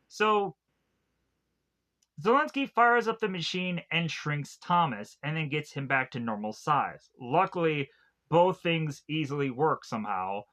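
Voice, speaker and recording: A man casually retelling a film's plot as a reviewer, rambling with lots of fillers and restarts. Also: unhurried. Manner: mock-acts characters' lines with lively pitch jumps. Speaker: movie reviewer.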